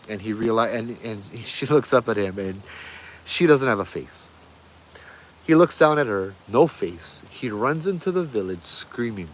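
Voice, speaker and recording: A man's voice: lowish voice, slight background noise. Hawaiian Pidgin man telling ghost stories. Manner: animated, laughing, pidgin phrasing. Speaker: ghost story host. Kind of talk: casual storytelling.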